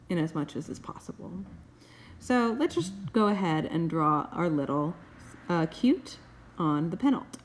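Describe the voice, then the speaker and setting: A woman professor calmly explaining grammar rules step by step in a recorded tutorial, with playful asides. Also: on the low side. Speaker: Ancient Greek professor.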